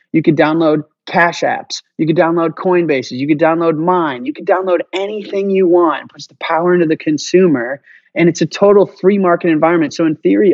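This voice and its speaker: A man talking as a podcast guest, passionate and fast-flowing, swearing casually as he makes his case. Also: on the high side, a little mellow, no echo, dull audio. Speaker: guest, payments company founder. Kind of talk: energetic podcast interview.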